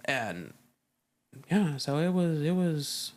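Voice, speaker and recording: A woman's voice: low-pitched, animated, normal speed. A woman guest in a casual interview, telling a story with lots of swearing and acted-out quotes. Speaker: Navy veteran.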